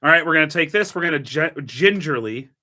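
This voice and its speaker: A young man hosting a casual coffee-brewing vlog, chatty and quick to grumble at his equipment with mild curses. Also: a little high, animated, pushed and bright. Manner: chatty, mild cursing, gets frustrated with gear. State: annoyed. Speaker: coffee channel host.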